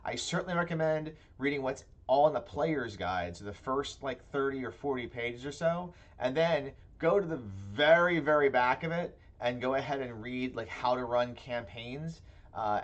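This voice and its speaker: A man's voice: mid-range voice, normal speed, highs cut off. A man co-hosting a casual talk show, rambling playfully and trailing off into mumbles. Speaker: podcast co-host. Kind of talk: casual chat.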